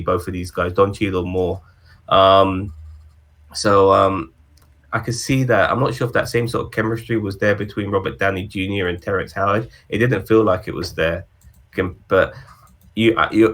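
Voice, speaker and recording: A man's voice: fairly low pitch, a bit bright. A man co-hosting a casual movie-ranking chat, rambling with ums and restarts. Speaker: podcast co-host.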